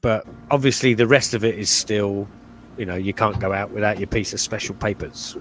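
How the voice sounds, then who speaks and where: A man's voice: fairly low pitch, moderate pace, fairly bright tone, slight background noise. A man on a live chat show, hesitant and full of "uh" and restarts as he passes on news he was sent. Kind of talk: casual chat, reading out a message.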